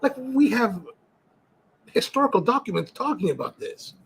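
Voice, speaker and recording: The voice is extremely high, animated, creaky and fairly bright with a breathy edge, at normal speed. It belongs to a middle-aged man hosting a cigar livestream who chats casually, reads out viewer comments and rambles through stories, restarting often and using fillers.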